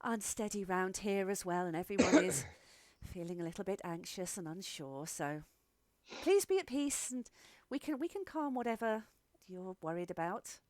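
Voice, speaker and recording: Woman GM voicing a gentle chapel caretaker, reassuring. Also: medium pitch, animated, normal speed, dry recording, close to an everyday voice. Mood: soothing. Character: calm, soothing female chapel caretaker.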